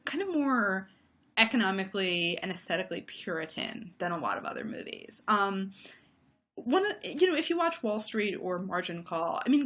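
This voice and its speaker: A woman's voice: mid-range voice, a bit bright. Woman film critic picking apart movies, thoughtful, lots of ums, on a call. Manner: thoughtful, analytical, with frequent fillers. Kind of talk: casual conversation about movies.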